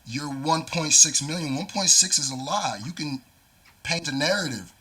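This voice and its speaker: A man's voice: a little high, normal speed, pushed and bright, breathy edge. A man talking straight to the camera, confronting and lecturing a rival rapper. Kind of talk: direct-to-camera callout.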